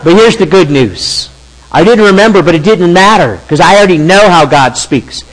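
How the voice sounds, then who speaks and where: High-voiced animated male preacher. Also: a faint crowd, rough recording. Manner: animated, halting storyteller with frequent restarts. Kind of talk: storytelling sermon.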